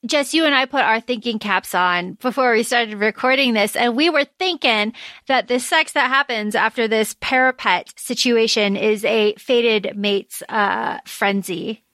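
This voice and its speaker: A woman's voice: on the high side, unhurried, fairly bright tone, dry recording, clean studio sound. A woman co-hosting a podcast, chatting casually about a book and reading out quotes between filler ums. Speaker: podcast co-host.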